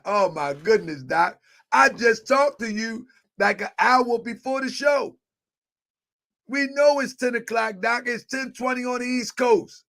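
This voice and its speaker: A man hosting a live online show, chatting casually, with a repetitive, excitable, joking manner. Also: very high voice, a little slow, creaky. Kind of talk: casual livestream chat.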